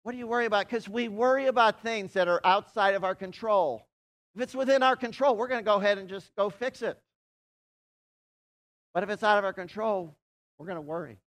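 A man delivers a sermon in a casual, talking-to-friends way, his voice sitting a little higher than most men's. He leads the congregation in call-and-response. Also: brisk, fairly bright tone. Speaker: pastor.

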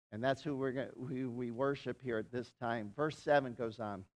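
Man preaching a conversational sermon. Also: on the high side. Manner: conversational preaching with congregation call-and-response. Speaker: pastor.

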